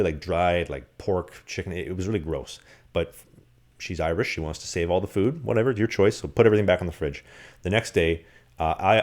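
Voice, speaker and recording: Fast-talking man telling stories on a podcast. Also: sits low. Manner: animated, rambling anecdotes with acted-out quotes. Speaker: podcast co-host. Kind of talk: casual storytelling.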